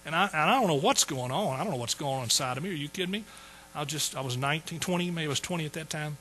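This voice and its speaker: A folksy older man preaching a testimony, his voice bright and a little high. He repeats phrases for emphasis as he tells the story. A faint hum sits under the recording. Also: very fast, poor audio. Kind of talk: sermon testimony.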